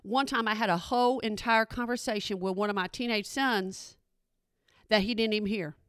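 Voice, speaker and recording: A woman's voice: mid-range voice, moderate pace, a bit bright, smooth, dry recording, studio quality. A middle-aged woman, talking casually and playfully to her audience and asking them questions. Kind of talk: casual comedic talk to an audience.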